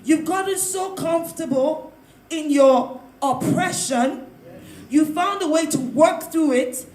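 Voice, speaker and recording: Loud, emphatic woman with a high voice in a roomy space, laughing between points as a panel guest. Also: slow pace. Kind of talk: opinionated panel discussion. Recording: roomy, echoey sound.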